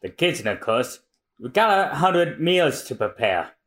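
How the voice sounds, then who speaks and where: A man voicing a calm young male cook who speaks in a quiet, matter-of-fact way. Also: fairly high pitch, a little slow, slight background noise.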